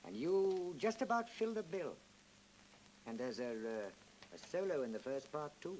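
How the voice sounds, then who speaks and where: A coaxing stage-door charmer. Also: male voice, on the high side, big pitch swings, unhurried, a little mellow, poor audio. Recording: faintly hissy 1930s film soundtrack.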